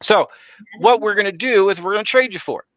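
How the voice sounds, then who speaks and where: A man's voice: sits high, quick pace, fairly bright tone, dry recording, muffled recording. A man hosting a podcast, rambling in casual chat with many fillers and restarts. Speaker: podcast host.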